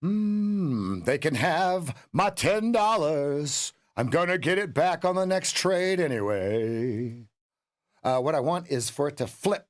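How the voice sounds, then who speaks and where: A man's voice: a little high, expressive, slow pace. A man coaching a live day-trading stream, swearing and laughing at his own losses.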